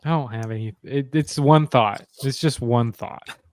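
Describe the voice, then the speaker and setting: A man's voice: mid-range voice, measured pace, no room sound, clean studio sound. A man in casual chat, hesitant and teasing, thinking aloud about a story.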